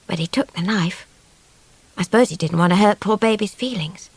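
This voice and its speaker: A woman's voice: medium pitch, normal speed, slightly rough, no room sound. A woman narrating a story in a chatty, girlish first-person voice. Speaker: audiobook reader.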